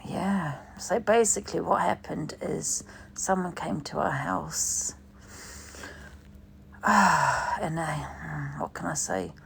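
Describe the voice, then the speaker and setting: A woman's voice: sits low, expressive, slow pace, vocal fry, a bit bright, slight background noise. A woman hosting a livestream in rambling, sweary casual chat. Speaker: livestream host.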